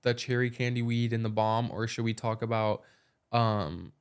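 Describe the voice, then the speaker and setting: A man's voice: mid-range voice, fairly even intonation, normal speed, smooth. Young man telling a story on a podcast. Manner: storytelling, fillers of "like" throughout. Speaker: podcast co-host. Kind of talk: casual chat.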